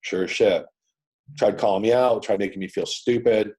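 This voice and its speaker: A man's voice: on the low side, steady tone, moderate pace, a little mellow, slightly rough. A man from Canada, a guest on a video call interview, telling his business story in a blunt, casual way with plenty of swearing and "man" and "dude". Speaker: guest entrepreneur.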